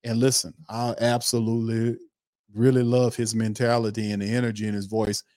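A man hosting a sports podcast, talking in an animated, repetitive way. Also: on the low side, fairly quick, no room sound, studio quality. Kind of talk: casual sports commentary.

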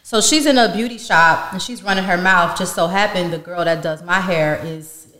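A woman's voice: lowish voice, normal speed. Candid woman telling a story, roomy sound. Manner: animated and candid, laughing through the story. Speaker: podcast guest. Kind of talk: casual storytelling. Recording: roomy reverberant room.

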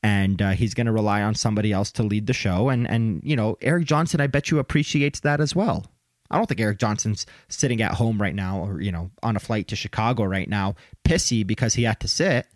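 A man co-hosting a sports podcast in casual chat, telling stories with lively impressions and laughter. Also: fairly low pitch, fairly quick, no room sound, studio quality. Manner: animated storyteller, mimics players with laughter. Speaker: podcast co-host.

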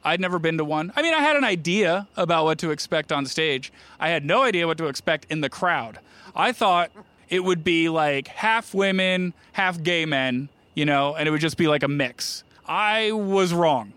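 A man's voice: on the high side, animated, normal speed, sharp tone, smooth, no room sound. A middle-aged man from New Jersey doing a stand-up routine on a comedy club stage, telling self-mocking stories with playful asides to the crowd. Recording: live stage mic with audible room ambience.

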